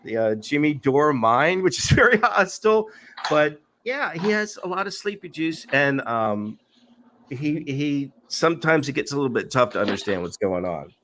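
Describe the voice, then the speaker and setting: Podcast co-host, male, casual and laughing, lively intonation. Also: fairly high pitch, normal speed, slight background noise. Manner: laughing, imitates callers and hosts. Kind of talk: casual chat.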